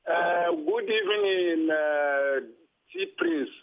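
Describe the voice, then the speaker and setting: Effusive Nigerian man on a tinny phone line, high gravelly voice, showering praise. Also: wildly swooping pitch, takes it slowly. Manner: effusive, praising, proverb-quoting. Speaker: radio caller.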